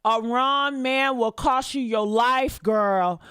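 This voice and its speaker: A woman's voice: a little high, slow, a bit bright, slight background noise. Blunt, sassy woman livestreamer. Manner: blunt, sassy, talks straight to viewers. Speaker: livestream commentator. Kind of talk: live-stream commentary reading viewer comments.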